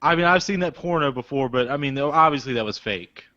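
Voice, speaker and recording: A man co-hosting a podcast in casual, joking chat, with loud bursts of laughter. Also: medium pitch, fast. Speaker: podcast co-host. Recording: dry, slightly dull podcast audio.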